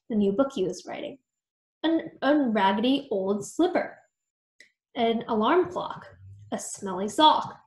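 A woman reading a children's storybook aloud in an expressive storytelling manner. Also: on the high side. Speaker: storytime reader. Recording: echoey room.

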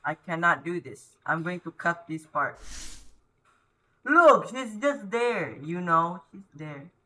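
A man doing horror let's-play commentary, jumpy, yelling and pleading at the ghost on screen. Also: high voice, very animated, slow. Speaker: gaming YouTuber.

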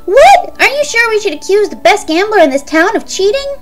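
Excitable tiny male cat creature, shrill and whiny; a woman voices it. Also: a little fast, faint music behind. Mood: incredulous. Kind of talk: let's play character voicing.

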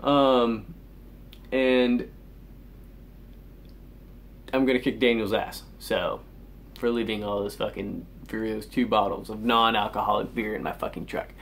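A man's voice: on the low side, little pitch movement, measured pace, vocal fry, pauses often. A teenage boy ranting angrily in a vlog, swearing constantly and sighing in exasperation. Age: teens. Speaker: vlogger.

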